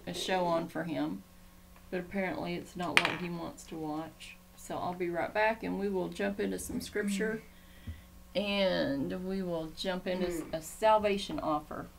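A woman's voice: lowish voice, fairly even intonation, unhurried, gravelly, background noise. A woman chatting casually in a home vlog, rambling and easily sidetracked as she talks. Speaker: Christian vlogger. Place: home room.

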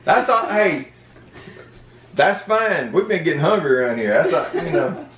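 A man's voice: a little high, big pitch swings, normal speed, fairly bright tone. A man chatting casually to camera in a joking, playfully indignant way. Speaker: homestead vlogger. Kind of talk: casual family chat to camera. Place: home room. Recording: echoey room, mic at a distance.

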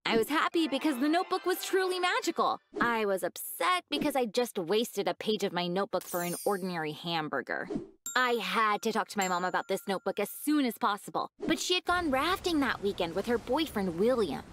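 A woman narrating a skit as a naive, excitable girl, telling her story dramatically. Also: mid-range voice, a little fast, slight background noise. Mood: dramatic. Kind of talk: first-person story narration in a skit video.

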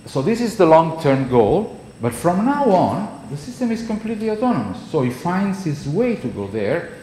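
A man's voice: fairly high pitch, big pitch swings, moderate pace, dark tone. A male university professor with an Italian accent giving a classroom lecture, conversational and checking in with the class often. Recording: echoey lecture hall, faint noise.

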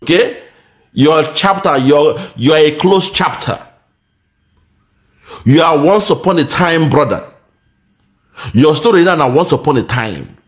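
A man's voice: a little high, animated, a little slow, pauses often. A Nigerian man giving mocking commentary, laughing and taunting in a sing-song way. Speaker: online commentator.

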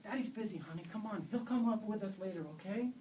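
A man voicing a worried mother who comforts her child with soft urgency, heard from a distant microphone at a live reading. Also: sits high, quick pace, slight background noise, pitched above the performer's own voice, natural voice. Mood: soothing. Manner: soothing yet urgent. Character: worried, tender mother, adult woman.

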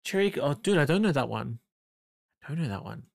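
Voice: mid-range voice, fairly quick, gravelly. Chatty Australian artist on a livestream. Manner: chatty, bursts of excitement when reading chat, muttering while drawing. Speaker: artist streaming a drawing session. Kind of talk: casual livestream chat.

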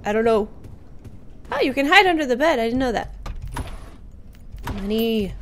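A woman's voice: a little high, animated, measured pace, long pauses, slight background noise. A woman giving jumpy, exclamatory commentary while playing a horror game, gasping and reacting aloud. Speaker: gaming YouTuber. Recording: faint game music behind.

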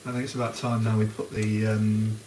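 Here a somewhat low-voiced man runs a live cooking stream with a flat, brisk delivery. He chats casually and welcomes viewers by name during the cookalong. The background is noisy with the sizzle of onions frying in a pan.

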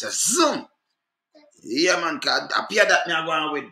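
Animated and sharp-toned, this Jamaican vlogger talks at normal speed in a voice that sits high, recorded in an echoey room. He gives on-the-spot commentary insistently and repetitively, repeatedly calling out to check the viewer is with him.

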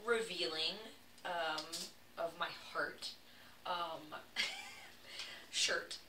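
A young Southern woman with a low voice chats and laughs through a story as she bakes. She is heard from some distance in an echoey room, with clear noise behind her. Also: huge pitch swings, very slow. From Texas. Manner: chatty, laughing, playful asides. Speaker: vlog host. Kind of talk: casual storytelling while baking.

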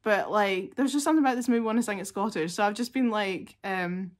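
A woman's voice: mid-range voice, a little fast, hardly any pauses. A woman, chatting casually and gushingly as a music reaction vlogger, with lots of fillers.

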